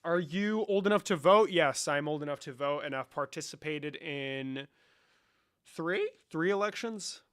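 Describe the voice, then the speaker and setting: A man's voice: fairly high pitch, measured pace, fairly bright tone. A young man around twenty, casually chatting on a livestream in a joking, sarcastic way and swearing a lot. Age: young adult.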